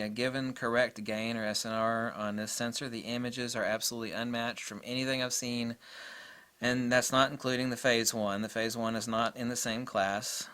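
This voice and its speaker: Casting: man in the middle pitch range, bright tone, gushing and rambling gear reviewer with lots of "uh"s. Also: clear, resonant tone. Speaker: camera reviewer. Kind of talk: enthusiastic casual gear review.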